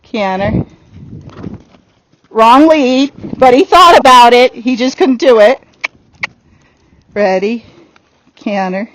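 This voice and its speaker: High-pitched woman trainer; direct, upbeat coaching in an outdoor arena. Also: rough recording. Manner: direct coaching with quick laughs. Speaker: horse trainer. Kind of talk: giving a riding lesson.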